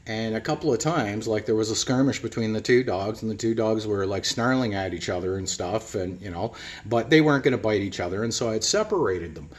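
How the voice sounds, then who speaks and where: A man's voice: lowish voice, brisk. A middle-aged man giving a rambling casual monologue to his viewers, often calling them "people" and repeating his words. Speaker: vlogger.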